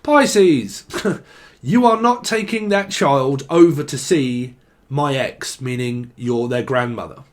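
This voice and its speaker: A man's voice: medium pitch, takes it slowly. A man giving a casual tarot reading, joking and swearing, and breaking into song now and then. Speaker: tarot reader.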